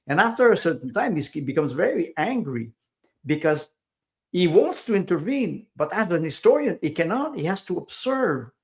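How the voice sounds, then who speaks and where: On a podcast, a male guest talks casually at a normal pace in a rather high, very animated voice. His speech is hesitant and full of fillers and repetitions, with small grammar slips that mark English as his second language.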